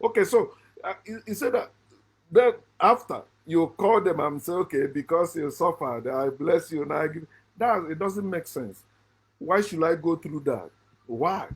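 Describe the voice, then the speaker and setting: At a measured pace and with a breathy edge, a middle-aged African channel host gives emphatic spoken commentary. He moves between loud, high bursts and low muttering and often begins his sentences again.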